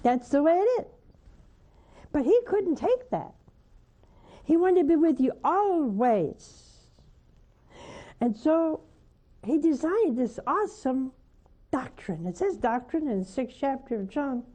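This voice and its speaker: A nun leads a devotional broadcast and takes calls from viewers. Her voice is very dark and mellow, set a little high, and she speaks unhurriedly. She leans into emphatic highs, then falls back to hushed, tender asides. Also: sing-song, lo-fi sound. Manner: slow, emphatic, rising to fervent highs then dropping soft. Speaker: nun hosting a call-in show. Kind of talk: devotional teaching and call-in counsel.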